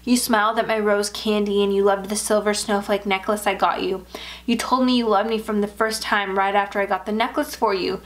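A woman's voice: medium pitch, close to an everyday voice. A woman reading the lines of an obsessive, unhinged man in an elf costume, with clingy pleading in her voice.

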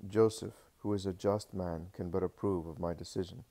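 A man reading the part of Jesus, a calm grown male teacher, speaking gravely and measuredly in a deep, mellow voice. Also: moderate pace.

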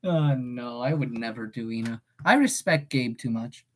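A woman's voice: extremely low pitch, moderate pace. An eighteen-year-old woman streamer and voice actor chatting casually, goofy and swearing, breaking into yelps.

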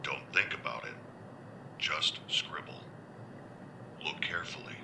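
An ominous whispering mentor. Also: male voice, extremely low pitch, exaggerated voice. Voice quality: hushed, breathy whisper. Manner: slow, ominous instruction. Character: mysterious male mentor whispering warnings about demons. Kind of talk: whispered role-play.

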